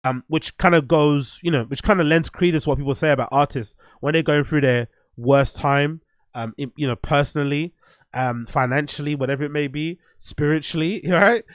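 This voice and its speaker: A man's voice: fairly high pitch, moderate pace, dry recording, studio quality. A man giving casual, profane livestream commentary as the host, blunt and rambling. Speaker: streamer host reviewing music.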